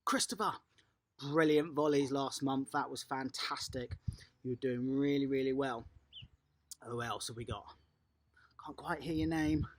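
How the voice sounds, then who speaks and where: A children's tennis coach, giving a lively, encouraging home lesson and praising the young players outdoors in a garden. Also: mid-range voice, a little slow, pauses often.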